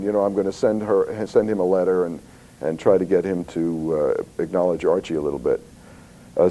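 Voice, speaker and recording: A man's voice: low-pitched, warm tone, poor audio. A man giving an anecdotal public talk about his comics company, telling stories with many fillers and restarts. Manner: storytelling, acts out voices in quotes, many fillers. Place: historical society talk.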